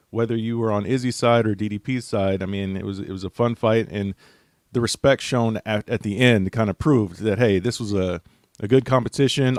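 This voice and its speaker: Low-voiced man analyzing a fight. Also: a little mellow, dry recording, studio quality. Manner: thoughtful, hedging with fillers. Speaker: panelist, writer. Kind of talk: casual sports analysis.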